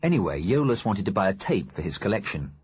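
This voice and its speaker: A man narrating an audiobook in a measured, wry storytelling manner. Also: lowish voice, big pitch swings, darkish tone, breathy edge. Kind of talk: scripted narration.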